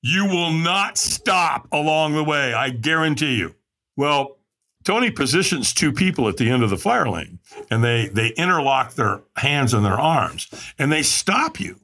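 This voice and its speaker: A man's voice: sing-song, unhurried, sharp tone. A man telling his story as a podcast guest, acting out quotes with big dramatic swings. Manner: dramatic, acts out quotes with big pitch jumps. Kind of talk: animated storytelling.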